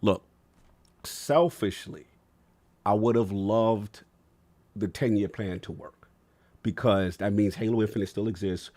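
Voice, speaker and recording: A man's voice: on the low side, a little slow, long pauses, warm tone. A man, talking emotionally and in slang as a podcast co-host. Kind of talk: casual podcast chat.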